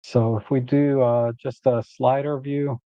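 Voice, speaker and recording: A man's voice: medium pitch, a little slow, no room sound. Guy talking thru photo edits live, easygoing, mid voice, kinda muffled audio. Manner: relaxed, thinks aloud while working. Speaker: photo editing host. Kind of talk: live editing walkthrough.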